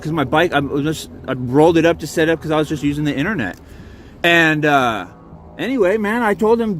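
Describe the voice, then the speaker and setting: A man's voice: fairly high pitch, quick pace, fairly bright tone, a little hiss or hum. Heated, profane man telling his story. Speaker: RV park guest filming his own encounter. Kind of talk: agitated recounting and confrontation.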